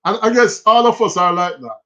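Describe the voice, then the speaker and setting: Jamaican guy on a livestream, high voice, reads out comments, dull lo-fi sound. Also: fairly quick. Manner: animated, switches into patois, reads viewer messages aloud. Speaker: livestream host. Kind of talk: casual livestream chat reading comments.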